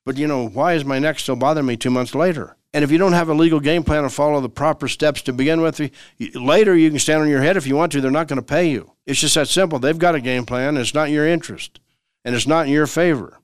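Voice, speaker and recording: A man's voice: fairly high pitch, fast talker, clear, resonant tone, no echo, clean studio sound. A man, a lawyer hosting a legal radio show, giving conversational legal advice in an emphatic, repetitive way, sometimes acting out everyday dialogues.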